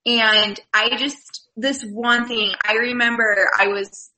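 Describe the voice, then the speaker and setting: A woman telling stories excitedly in a casual group chat. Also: a little high, slow pace, rough recording. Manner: animated, excitable storytelling.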